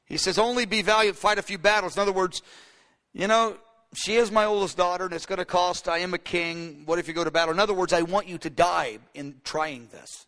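Animated high-voiced preacher man. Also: brisk. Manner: animated, acts out voices of the Bible figures. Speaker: pastor. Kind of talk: sermon. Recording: long hall reverb.

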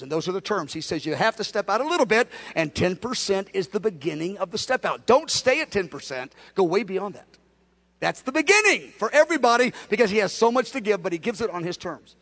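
A male pastor delivers a storytelling sermon and acts out every part with lively swings of pitch. His voice sits fairly high and carries a gravelly rasp. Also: quick pace. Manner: animated, acts out dialogue.

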